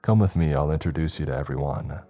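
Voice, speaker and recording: Narrator doing a calm, steady man, deep and mellow, soothing tone. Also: fast talker. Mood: reassuring. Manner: gentle, reassuring. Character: calm, kindly male patient who keeps the peace.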